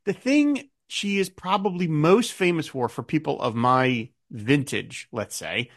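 Lively middle-aged man, chatty podcast host. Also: a little high, unhurried. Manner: animated, chatty, tangents and asides. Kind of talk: casual chat about a TV show.

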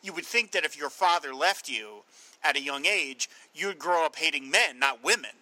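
A man hosting a film podcast, chatty and animated as he retells scenes. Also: fairly high pitch, normal speed, dry recording, rough recording. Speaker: podcast host. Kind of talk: casual film discussion.

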